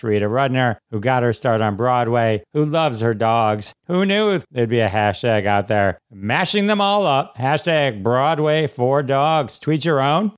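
Man, podcast host, enthusiastic, smooth resonant voice, dry close sound. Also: medium pitch, no room sound. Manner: upbeat, enthusiastic, quick to laugh. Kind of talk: interview and show segments.

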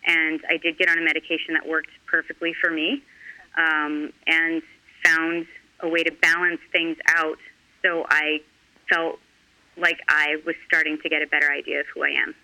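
A middle-aged woman talking candidly in an interview, earnest and halting with frequent restarts. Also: low voice, level tone, sharp tone, low-quality recording. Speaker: guest.

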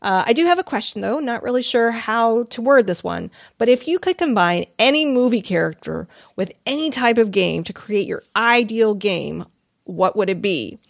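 A woman's voice: a little high, expressive, moderate pace, creaky. A woman co-hosting a gaming podcast, reading listener emails aloud in a chatty, giggly way with small stumbles. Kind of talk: casual podcast chat.

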